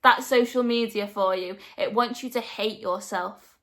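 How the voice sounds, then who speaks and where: A woman's voice: mid-range voice, measured pace, a bit bright. A young woman talking straight to her viewers in a motivational vlog, earnest and direct, hammering points home by repeating them. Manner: earnest, direct, emphatic repetition. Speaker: vlogger. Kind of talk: motivational talk to camera.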